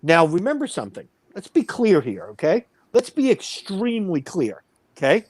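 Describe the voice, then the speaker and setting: A man's voice: high-pitched, big pitch swings, normal speed, no echo. A man in his fifties, a wrestling promoter, telling a heated story in a blunt, boastful way. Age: 50s. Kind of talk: casual storytelling.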